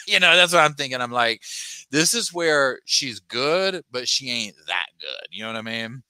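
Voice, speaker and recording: A man's voice: medium pitch, moderate pace, clean tone, no room sound. A man hosting a true crime livestream, chatting casually, reading viewer comments aloud and acting out the people he talks about in exaggerated voices. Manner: animated, sassy, mimics people in exaggerated voices; reads viewer chat aloud and thanks supporters.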